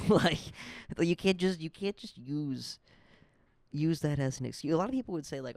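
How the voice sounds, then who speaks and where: A man's voice: medium pitch, lively intonation, fairly quick, creaky, darkish tone, dry recording. A young man in his twenties hosting a podcast, telling a rambling, profane story in a casual, fired-up rant. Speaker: podcast host. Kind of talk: casual ranting monologue.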